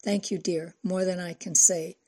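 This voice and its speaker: A woman narrator voicing a calm, precise older woman who gives careful instructions. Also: fairly low pitch, slightly rough. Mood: measured. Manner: measured, precise, gently authoritative.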